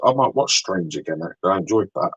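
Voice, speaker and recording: A man's voice: low-pitched, expressive, quick pace, slightly rough, no echo, lo-fi sound. A British man co-hosting a podcast in casual chat, ranting animatedly and swearing freely. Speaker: podcast co-host.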